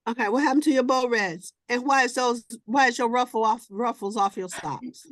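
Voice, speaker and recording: A woman's voice: fairly high pitch, fairly bright tone, lightly acted. A woman playing an exasperated fussing mom. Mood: fussing scolding. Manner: quick, fussing questions. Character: exasperated mother scolding her little daughter.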